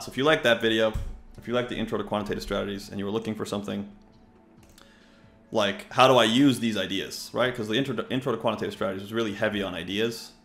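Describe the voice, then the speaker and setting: Gravelly young man, roomy echo. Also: lowish voice, fairly bright tone. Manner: loose and chatty, swears freely, rambles. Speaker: poker player and coach. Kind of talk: casual live-stream commentary while playing.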